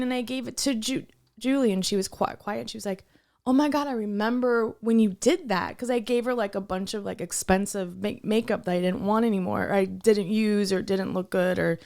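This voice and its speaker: Gravelly-voiced woman telling a story. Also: medium pitch, moderate pace. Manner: animated storyteller who acts out quoted dialogue. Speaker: podcast co-host. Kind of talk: casual podcast chat, storytelling.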